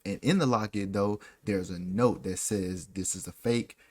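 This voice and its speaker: A man's voice: on the low side, normal speed, a little mellow. Slangy, ranting young man. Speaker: podcast co-host. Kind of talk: casual chat and ranting commentary.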